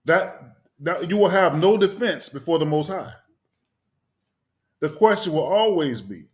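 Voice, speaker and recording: A man's voice: fairly high pitch, animated, unhurried, long pauses. A man preaching with rhetorical questions, pressing his listeners with "right?". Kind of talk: sermon.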